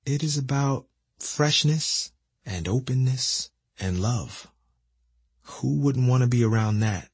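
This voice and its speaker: A man in his thirties from Philadelphia reads his memoir aloud in a reflective, measured way. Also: medium pitch, slightly rough, no room sound. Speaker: narrator reading his memoir. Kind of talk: audiobook memoir narration.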